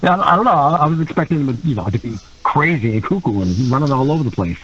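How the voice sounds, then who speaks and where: A man, a guest on a podcast, telling a story in a casual, animated way, laughing often and acting out quotes in other voices. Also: medium pitch, fast talker, dull audio, noisy background. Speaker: guest wrestler.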